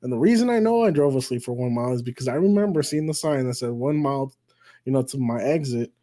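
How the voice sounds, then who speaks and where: A man's voice: medium pitch, animated, fast talker, warm tone. Profane, rambling man telling a story. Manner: profane and rambling, with frequent swearing and restarts; self-mocking, laughs at his own story. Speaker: live stream host. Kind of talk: casual storytelling to a live chat.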